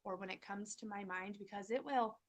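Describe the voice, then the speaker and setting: A woman's voice: medium pitch, a little fast. A woman hosting a parenting channel, talking earnestly to camera in a casual motivational style and acting out her own inner dialogue.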